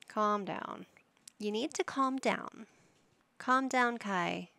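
Woman, gameplay commentary, unhurried, slight vocal fry, dry close mic. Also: medium pitch, pushed and bright, no echo. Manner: talks to her game characters like a playful parent. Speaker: gaming YouTuber.

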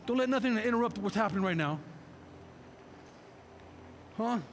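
Fervent preacher, high-pitched man, in an echoey hall with faint noise. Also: lively intonation, moderate pace. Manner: fervent, repeats rhetorical questions. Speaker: pastor. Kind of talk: sermon.

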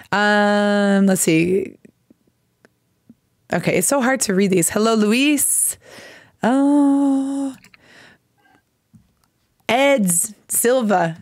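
An American woman, a native English speaker, hosting a live English lesson stream, chatting warmly and trying out halting Portuguese over a headphone mic. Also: medium pitch, no echo, clean studio sound. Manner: gushing, reads chat names aloud, halting Portuguese. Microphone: headphone mic on a video stream.

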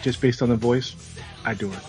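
A man co-hosting a podcast in casual banter, joking and animated, tossing in Spanish words. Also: medium pitch, a little fast, soft background music. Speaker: podcast co-host.

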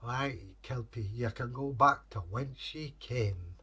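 A man's voice: medium pitch, slow, sharp tone, husky, exaggerated voice. A man voicing a stern, bossy laird with a put-on Scottish accent, giving commands and threats. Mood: commanding.

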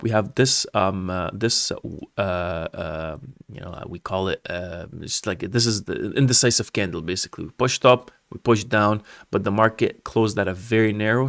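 A man with a fairly low voice talks loosely through price charts, full of ums, uhs and restarts, tossing in "man" as he goes. The recording is close and dry, with no room sound around him. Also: vocal fry, no room sound. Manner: rambling, many fillers and restarts, says "man" often. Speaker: crypto channel host. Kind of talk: casual chart analysis talk.

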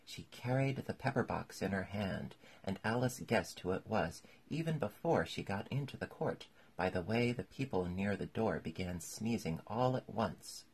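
A man narrating a classic storybook chapter in a steady, measured reading. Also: lowish voice, slightly rough. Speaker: audiobook narrator.

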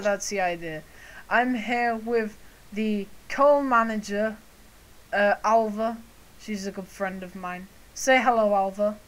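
A young woman, co-manager of a gaming channel, introduces it casually and haltingly, with many fillers. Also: mid-range voice, low-quality recording.

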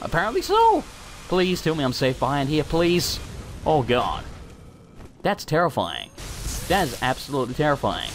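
A man giving excited gaming commentary, swearing and bursting out in panic as he plays. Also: on the high side, moderate pace, pauses often, a little hiss or hum. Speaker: let's play host.

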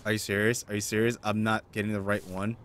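A man's voice: lowish voice, level tone, fast, fairly bright tone. A man playing a video game and commenting, muttering and swearing in frustration. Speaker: gaming video host. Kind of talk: let's play commentary.

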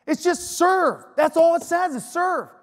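A man preaching to an audience in an energetic, emphatic storytelling way. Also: very high-pitched, measured pace. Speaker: speaker. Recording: long hall reverb.

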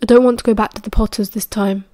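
British woman reading a quiet, stammering young man, close dry sound. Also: mid-range voice, steady tone, fast, no room sound, lightly acted. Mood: anxious. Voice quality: soft, shaky, hesitant. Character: shaken young werewolf man, quiet and guilty.

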